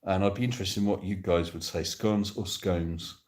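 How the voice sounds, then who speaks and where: A man's voice: deep voice, steady tone, normal speed, darkish tone. Chatty, playful man from Devon. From Devon, England. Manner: chatty and playful, jokey asides to viewers. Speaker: live streamer. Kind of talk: casual live stream chat, reading comments aloud. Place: indoors on a sofa. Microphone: phone.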